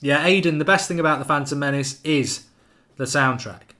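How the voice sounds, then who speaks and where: A man's voice: a little high, moderate pace, bright, forceful tone. A man hosting a live football watchalong, chatting casually and reading out viewer comments. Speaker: watchalong host.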